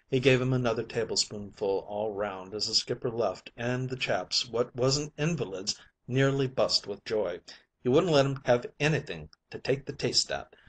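A man's voice: medium pitch, breathy edge. A man narrating a short story audiobook in a colloquial, yarn-spinning manner. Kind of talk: scripted narration.

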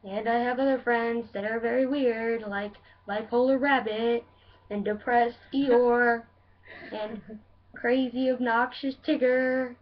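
A woman doing a slow, creepy Pooh Bear. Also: fairly high pitch, steady tone. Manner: very slow, dreamy delivery. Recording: dull lo-fi sound from a distance.

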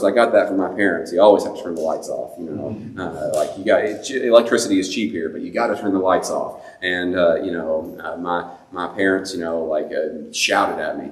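A man's voice: fairly low pitch, a little fast, few pauses. Chatty man preaching in an echoey church. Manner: conversational, self-deprecating, many fillers and restarts. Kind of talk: sermon. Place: church sanctuary.

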